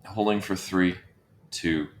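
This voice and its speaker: Deep-voiced man coaching breathwork. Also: slow pace, slight background noise. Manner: calm, coaching cues with counted breaths. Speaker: breathwork instructor. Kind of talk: guided breathwork session. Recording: roomy echo.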